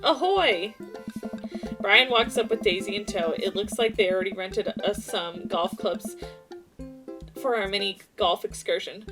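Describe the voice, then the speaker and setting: A woman's voice: mid-range voice, moderate pace. Woman streamer reading a game aloud. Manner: animated, jokey asides. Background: soft game music.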